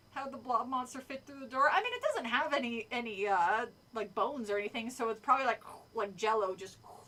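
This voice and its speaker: A woman's voice: fairly high pitch, animated, normal speed, pushed and bright. A woman streamer reading a horror book aloud, stopping to chat, swear and laugh. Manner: chatty, swears, laughs often. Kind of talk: casual read-aloud with commentary. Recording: voice distant from the mic.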